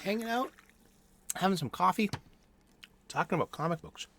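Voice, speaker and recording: A man's voice: sits high, lively intonation, moderate pace, noisy background. A middle-aged man hosting a casual solo chat, rambling with many restarts and fillers. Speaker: host. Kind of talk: casual solo chat about comic books. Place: home studio.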